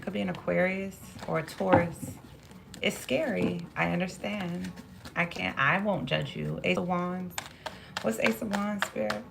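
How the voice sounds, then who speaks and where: A woman with a low voice talks through a tarot reading, thinking aloud and circling back over her words as the cards come up. A gravelly fry runs through her speech, and a faint hiss sits under the recording. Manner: musing, repeats phrases, talks to herself while drawing cards. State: emotional at moments. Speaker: tarot reader.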